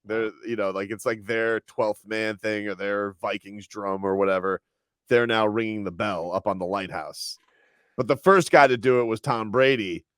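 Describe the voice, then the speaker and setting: A man's voice: fairly low pitch, steady tone, moderate pace, fairly bright tone, clean tone, dry recording, clean studio sound. A man hosting a sports radio show in chatty banter, riffing on fans with mock quotes.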